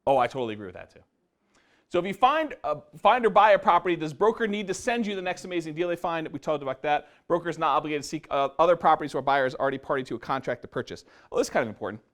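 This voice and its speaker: A man's voice: on the high side, animated, racing, a bit bright. A man presenting a live seminar on real estate investing to an audience, often quizzing them with questions. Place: meeting room before a live audience.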